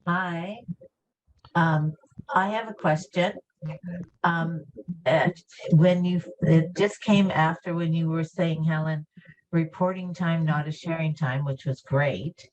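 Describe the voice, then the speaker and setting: A woman's voice: low voice, steady tone, slow pace, darkish tone. A woman asking a question in an online lesson, hesitant and polite. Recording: dull lo-fi sound with faint noise.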